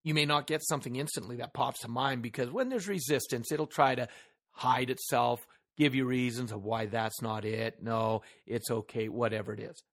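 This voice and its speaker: A man hosts a solo motivational podcast, speaking earnestly into a microphone, stressing key words and asking the listener rhetorical questions. His voice is medium-pitched and fairly bright, at normal speed.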